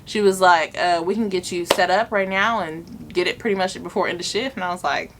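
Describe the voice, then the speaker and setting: Over a noisy background, a young vlogger who's also a mom speaks a little fast in a lowish voice. She relates a personal story in a casual, earnest, emotional way, filling it with lots of "like."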